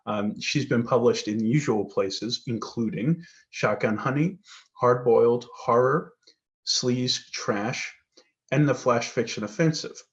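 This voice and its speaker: A man's voice: medium pitch, measured pace. A man from New Jersey hosting a virtual reading, introducing the next author from her bio with a few fillers. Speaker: host introducing readers. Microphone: video call. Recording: dull lo-fi video call audio.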